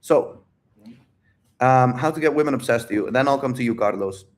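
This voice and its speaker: Brief: male dating coach, mid-pitched, blunt and animated casual livestream delivery. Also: fairly quick. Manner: blunt, animated, repeats phrases, swears freely. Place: home livestream.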